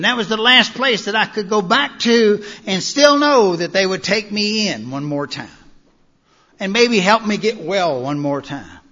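A man's voice: high voice, pushed and bright. Folksy man in a reverberant hall. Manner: folksy storytelling, frequent "you know". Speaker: speaker at a recovery meeting. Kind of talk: personal recovery talk. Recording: dull-sounding recording in a reverberant hall.

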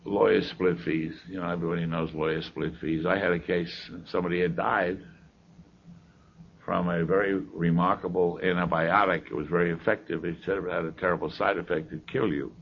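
An older man with a gravelly voice telling a humorous story from his own life, with dry, wry asides. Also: sits low, fairly even intonation, a little fast. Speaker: speaker sharing his recovery story. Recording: dull lo-fi recording with faint hiss.

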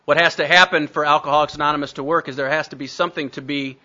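A man's voice: fairly high pitch, steady tone, very fast, sharp tone, lo-fi sound. A man telling his recovery story to a meeting, blunt and self-mocking. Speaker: speaker sharing recovery story.

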